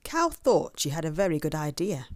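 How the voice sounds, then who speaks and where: A woman reading a children's picture book aloud, expressive and stopping to ask the listener questions. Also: sits low, normal speed, dry recording, clean studio sound. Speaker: storyteller. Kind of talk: children's story read-aloud.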